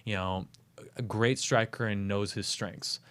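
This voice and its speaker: A man's voice: on the low side, fairly even intonation, a little slow, fairly bright tone. A man co-hosting a casual sports betting show, breaking down upcoming fights with lots of restarts and "you know". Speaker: co-host giving fight picks.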